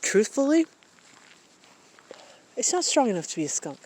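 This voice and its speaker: A woman's voice: on the high side, very animated, normal speed, a little mellow, slightly rough. Musing woman vlogging in the woods. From Maine, USA. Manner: hesitant, musing, many ums and restarts. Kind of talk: reflective personal monologue. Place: outdoors in the woods.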